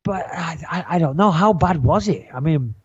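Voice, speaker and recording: A man's voice: on the high side, animated, normal speed, husky, no room sound, lo-fi sound. A man co-hosting a podcast in casual chat, blunt and joking, swearing freely. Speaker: podcast co-host.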